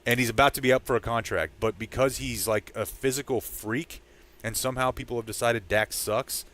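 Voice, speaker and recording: A man co-hosting a sports podcast, telling a story in a casual, animated way and shouting out what fans yelled. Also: medium pitch, brisk. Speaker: podcast co-host. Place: training camp site.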